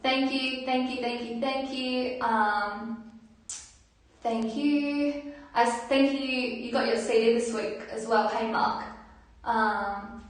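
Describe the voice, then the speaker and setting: A woman's voice: on the high side, steady tone, slow pace. A woman singer-songwriter chatting casually with her livestream viewers between songs, giggly and reading out their comments. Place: bathroom. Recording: echoey bathroom from far off, guitar.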